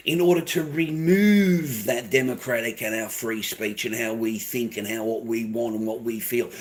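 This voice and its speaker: A man with an Australian accent, delivering a heated, profane and confrontational rant to camera, often repeating himself. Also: medium pitch. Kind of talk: angry ranting monologue to camera.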